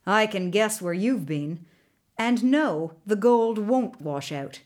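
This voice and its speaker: A woman voicing a wise, calm white horse who gives steady instructions in a storybook reading. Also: medium pitch, takes it slowly. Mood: commanding.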